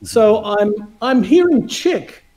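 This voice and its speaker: A man telling a story in casual chat over a video call, animated and laughing often as he acts out dialogue. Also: sits high, slow pace, poor audio.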